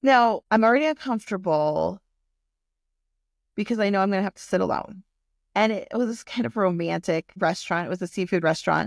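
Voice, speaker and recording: A vlogger in her forties tells a personal story candidly and emotionally, swearing plenty. Her mid-range voice drops into a gravelly fry at phrase ends, and the recording is dry and close with no echo.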